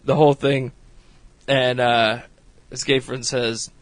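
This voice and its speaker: A man's voice: mid-range voice, fairly even intonation, measured pace, no echo. A man hosting a podcast, casually recapping a reality show in a rambling way, laughing often and swearing freely. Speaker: podcast host.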